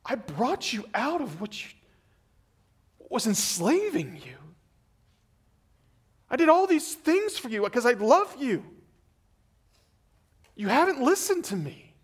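A preacher softening into a gentle male God, speaking with compassion in a hushed, tender tone. The voice stays light and quiet. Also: extremely high pitch, very animated, takes it slowly, long pauses, slightly rough, full character voice. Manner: soft and compassionate.

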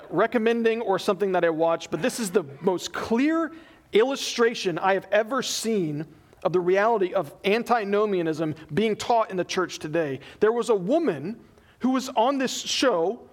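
A man preaching a sermon in church as pastor, acting out the people he quotes as he tells the story. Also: high-pitched. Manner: animated, acts out quoted people in his retelling.

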